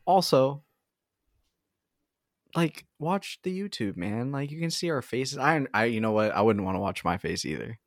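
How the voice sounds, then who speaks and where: A man's voice: medium pitch, a little fast, vocal fry, few pauses, dry recording, clean studio sound. A man co-hosting a casual podcast chat, playful and joking at his own expense. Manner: joking, playful, self-deprecating. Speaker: podcast co-host.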